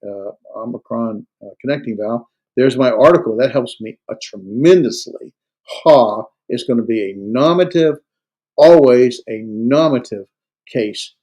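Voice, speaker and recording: A man's voice: medium pitch, a little mellow, rough recording. A man teaching a Greek grammar class, explaining step by step with many fillers, restarts and hard stress on key words. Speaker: Greek instructor. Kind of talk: classroom lecture. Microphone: recorded lecture.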